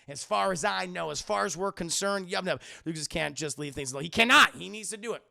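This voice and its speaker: A man streaming a casual, profane scene-by-scene film recap, excitable and often calling out to his chat. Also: high-pitched, a little fast, gravelly.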